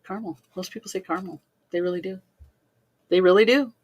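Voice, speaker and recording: A woman with a Midwestern American accent, co-hosting a casual chat, playful and quick to laugh. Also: lowish voice, darkish tone. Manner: playful, laughs a lot, repeats words for fun. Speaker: co-host.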